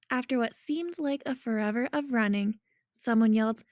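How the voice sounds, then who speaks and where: A woman reading a novel aloud in a lively storytelling manner. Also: a little high, moderate pace, no echo, clean studio sound. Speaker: reader.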